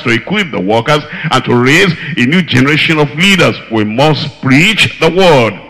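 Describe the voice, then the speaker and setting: Slow, bright-voiced preacher in a hall. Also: male voice, on the high side. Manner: emphatic, repetitive preaching cadence. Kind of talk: sermon.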